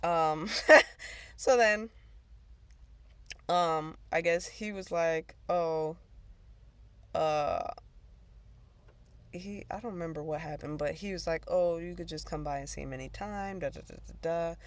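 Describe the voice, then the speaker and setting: A woman with a deep voice hosts her own talk show, telling a personal story in a rambling, profane way punctuated by bursts of laughter. She takes it slowly with frequent pauses, and there's no room sound.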